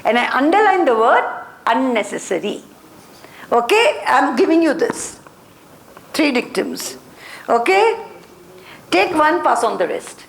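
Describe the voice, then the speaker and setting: A woman's voice: high-pitched, sing-song, measured pace, gravelly, pauses often. A woman leading a motivation training class, speaking in short repeated phrases and checking in with her listeners. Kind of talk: classroom lecture. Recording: echoey room.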